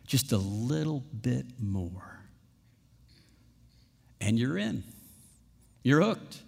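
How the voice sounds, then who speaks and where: Animated preacher in a reverberant hall. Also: male voice, medium pitch, very slow, gravelly, breathy edge. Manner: animated, acts out quotes with laughs. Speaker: pastor. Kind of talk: sermon.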